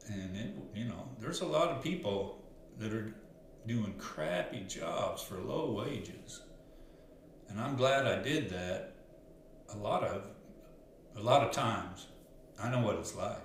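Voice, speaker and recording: Male life coach, lowish voice, earnest and rambling, very echoey room with faint hiss. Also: expressive, takes it slowly, pauses often. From Arkansas. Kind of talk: casual storytelling monologue.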